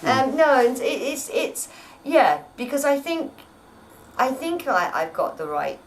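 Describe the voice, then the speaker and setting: A woman's voice: sits high, big pitch swings, unhurried, far from the mic, a little hiss or hum, poor audio. An actress chatting at home in an interview, rambling and often repeating her words. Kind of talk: casual interview chat. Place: at home, indoors.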